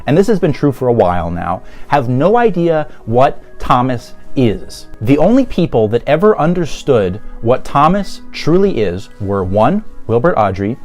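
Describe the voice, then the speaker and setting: Male YouTuber ranting in commentary, animated sarcastic delivery, faint music underneath. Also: mid-range voice, measured pace, hardly any pauses. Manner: sarcastic, exasperated, laughs often.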